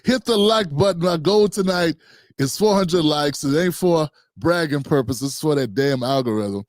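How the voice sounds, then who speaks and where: Older male streamer host, chatty and self-mocking, slightly raised pitch, dry. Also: moderate pace, no room sound. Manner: joking, rambling, talks to himself. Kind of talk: casual livestream talk.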